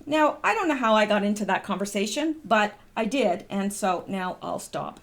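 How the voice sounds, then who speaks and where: A woman's voice: medium pitch, lively intonation, moderate pace, vocal fry. A middle-aged woman from the United States hosting her own channel, reading posts aloud and chatting in a rambling way with lots of ums. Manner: chatty, rambling, wanders off topic with filler ums. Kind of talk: casual commentary vlog.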